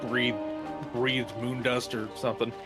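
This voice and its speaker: A man co-streaming a game, chatting casually, riffing and cracking jokes in an animated way. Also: medium pitch, music in the background. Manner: jokey, animated, quick to riff.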